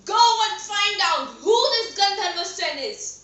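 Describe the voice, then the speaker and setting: A woman's voice: sits high, lively intonation, takes it slowly, pushed and bright, exaggerated voice. A woman voicing a worried, easily panicked king in a spoken story. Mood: alarmed. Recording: echoey room, voice a bit far from mic.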